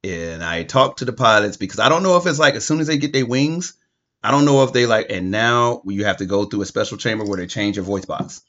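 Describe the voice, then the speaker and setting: A man in his forties chatting casually as co-host, telling animated stories and acting out other people's voices, laughing often. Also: lowish voice, fairly quick. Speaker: podcast co-host. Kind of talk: casual chat. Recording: slightly dull lo-fi sound.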